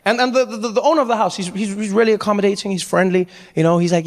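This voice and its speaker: A man from Africa doing stand-up comedy, telling a story in an animated way and jumping into acted voices. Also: sits high, rapid-fire, big-room sound.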